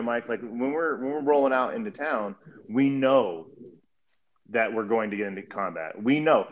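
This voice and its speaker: Man, army veteran, rambling, profane, casual chat, dull lo-fi audio. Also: mid-range voice. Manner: rambling, profane, lots of fillers. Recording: muffled lo-fi audio.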